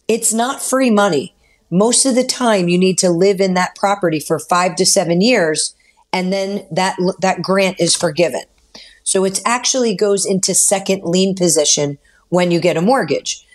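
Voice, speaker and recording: Brisk female mortgage expert on radio. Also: lowish voice. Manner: brisk, practical explaining. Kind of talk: talk radio explainer.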